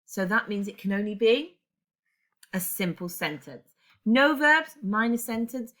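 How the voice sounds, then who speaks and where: A woman's voice: medium pitch, animated, measured pace, fairly bright tone. A woman English teacher talks through a grammar lesson step by step, with fillers and self-corrections along the way. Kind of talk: recorded classroom lesson explaining grammar.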